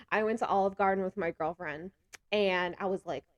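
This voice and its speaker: A woman vlogger chatting casually to camera, animated and quick to laugh between remarks. Her voice sits in a middle pitch, and the recording is dry and close. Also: dry recording, muffled recording. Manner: talks with hands a lot.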